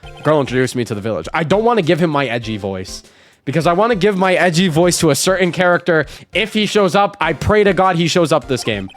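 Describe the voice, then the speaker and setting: A man's voice: a little high, lively intonation, brisk, faint music behind. Chatty man streaming a story game. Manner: chatty, self-correcting, casual cursing. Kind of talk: casual game let's play commentary.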